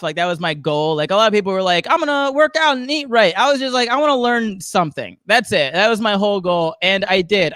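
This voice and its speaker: A man's voice: sits high, fairly bright tone, clean tone, dry recording, clean studio sound. A man from the Southern US doing a rambling stand-up comedy set, chuckling at his own jokes. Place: comedy show studio.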